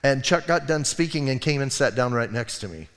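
A male pastor preaching a sermon in a relaxed, conversational way, telling stories with asides and restarts. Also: mid-range voice, brisk, long reverb tail. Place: church sanctuary.

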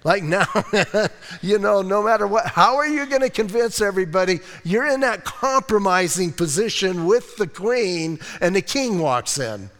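A male pastor preaching a sermon in an animated, conversational way, acting out quotes and laughing often. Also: high voice, moderate pace, in a large hall.

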